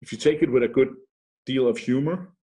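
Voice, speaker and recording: A middle-aged man with a Danish accent, talking as a guest on a podcast. He tells stories in an animated, self-mocking way, with lots of fillers and restarts along the way. His voice sits at an ordinary middle pitch. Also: fairly quick. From Denmark. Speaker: podcast guest, security professional. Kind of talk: casual interview storytelling.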